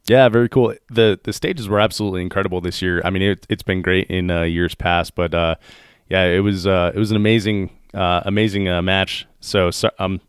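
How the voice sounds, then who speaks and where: Congested deep-voiced male podcast host. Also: fairly even intonation, smooth, dry recording, studio quality. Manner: friendly, halting, many fillers and laughs. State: congested, losing his voice. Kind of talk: casual interview talk.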